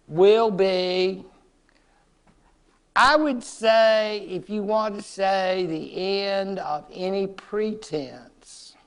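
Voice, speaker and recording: A man lecturing on history in a relaxed, teasing way. His voice sits high and he talks slowly, pausing over words and dropping into little acted asides before carrying on. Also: clear, resonant tone. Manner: playful, joking, acts out short quotes. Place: classroom.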